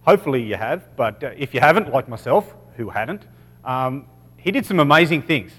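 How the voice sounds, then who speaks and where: A man's voice: medium pitch, expressive, moderate pace, fairly bright tone. A man with an Australian accent giving a casual Bible teaching, peppering it with "okay" and correcting himself as he goes. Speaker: preacher. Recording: long reverb of a hall.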